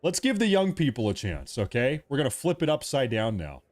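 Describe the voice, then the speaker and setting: A man who hosts the stream speaks at a middle pitch in live commentary, pressing every point again and again with a joking grumpy edge. He is recorded dry and close, with almost no room sound. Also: wildly swooping pitch, fairly quick, no echo. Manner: emphatic and repetitive, jokingly irritable. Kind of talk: live-stream political commentary, reading chat.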